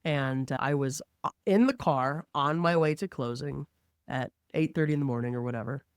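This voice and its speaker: A woman who works as a mortgage lender, telling a work story in an animated, conversational way and acting out the quotes. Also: very deep voice, moderate pace, clear, resonant tone, dry recording, studio quality.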